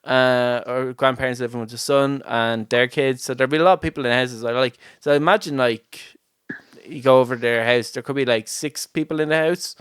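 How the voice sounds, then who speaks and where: Smooth-voiced man chatting casually. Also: medium pitch, steady tone, fairly quick, a bit bright, dry recording, clean studio sound. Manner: rambling, many fillers, laughs often. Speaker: podcast host. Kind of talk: casual chat. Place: at home.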